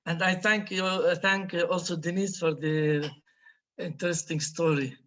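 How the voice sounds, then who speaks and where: A man's voice: a little high, fairly even intonation, a bit bright, dull audio. A man who is a priest, opening his remarks as a guest speaker in a hesitant way. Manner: slow and hesitant.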